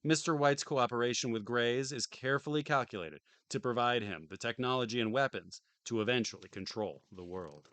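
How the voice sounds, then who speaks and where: A man's voice: mid-range voice, brisk, few pauses, a bit bright, dry recording. A tired man streaming from home, reading a game manual aloud on a close desk mic and tossing in dry joking asides. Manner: dry, joking asides between read passages.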